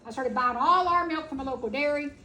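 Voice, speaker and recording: A woman speaking at a festival, telling a personal story in a folksy, emphatic and animated way. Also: sits high, fast talker, a little hiss or hum, low-quality recording. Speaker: animal sanctuary founder giving a talk. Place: festival stage.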